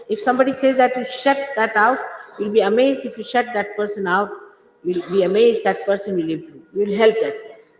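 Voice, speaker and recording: A woman's voice: medium pitch, a little hiss or hum. An older woman addresses her followers in a firm, scolding tone, driving her points home by repeating them. Her voice rings through a large hall with a long, roomy reverb. The recording carries the character of an old archive tape. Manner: scolding, emphatic, repeats phrases for stress. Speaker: spiritual teacher. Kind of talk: informal spiritual talk to followers.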